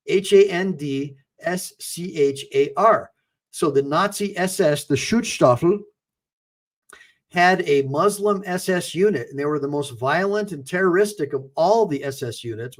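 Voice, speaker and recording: Brief: male attorney-host, slightly high voice, heated ranting livestream commentary. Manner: ranting, heated rhetorical questions. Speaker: attorney and online show host.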